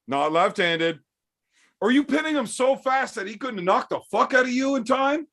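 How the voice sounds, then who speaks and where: A high-voiced man on a livestream, loud and profane, mocking his co-host with rowdy trash talk. His lines come fast and cutting, full of taunts. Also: lively intonation, vocal fry. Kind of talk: rowdy trash-talking banter.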